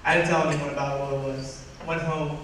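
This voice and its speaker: A young man giving a personal story talk to an audience, animated and acting out what others said. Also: fairly high pitch, quick pace, a little hiss or hum. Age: young adult. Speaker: student speaker. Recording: echoey hall from far off.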